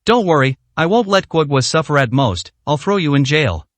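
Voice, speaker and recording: A haughty rich woman, contemptuous and showy, as a male storyteller puts her on in a lively, slightly high reading voice. The sound is dry and close. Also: moderate pace, no room sound. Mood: scornful. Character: arrogant rich woman, spoiled son's mother.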